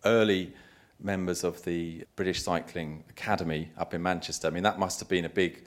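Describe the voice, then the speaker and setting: A man's voice: deep voice, steady tone, fairly quick. A man interviewing a guest at a live event, asking long, wandering questions with many restarts.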